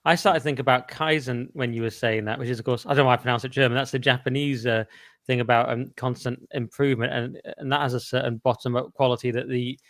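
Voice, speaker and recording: Tired guy on a livestream, quick talker, dry close sound, self-deprecating jokes. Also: medium pitch, no echo. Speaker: livestream host. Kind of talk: casual live stream chat.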